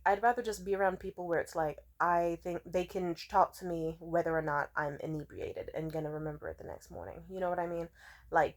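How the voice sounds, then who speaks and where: Rambling, profane young woman vlogger. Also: lowish voice. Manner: rambling, profane, animated storytelling. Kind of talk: casual monologue.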